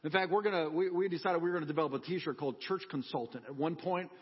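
Husky high-voiced male preacher. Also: fast, big-room sound, dull audio. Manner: animated personal storytelling with humor. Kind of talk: sermon.

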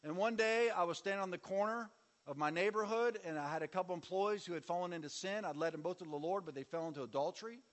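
Male pastor, high voice, sermon with call-and-response, long hall reverb. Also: fast. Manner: preaching with audience call-and-response and sweeping shifts in volume.

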